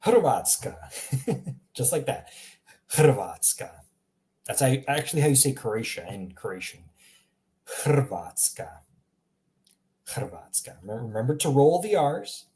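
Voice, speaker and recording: A man giving a casual language lesson, saying example words again and again in a relaxed way with small laughs. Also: mid-range voice, fast. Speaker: language teacher.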